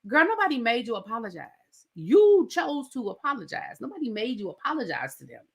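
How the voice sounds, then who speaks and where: A woman reviewing a reality show in a casual, animated and sassy recap, talking straight to her viewers. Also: fairly high pitch, brisk, creaky, husky. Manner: animated, sassy, emphatic, addresses viewers directly.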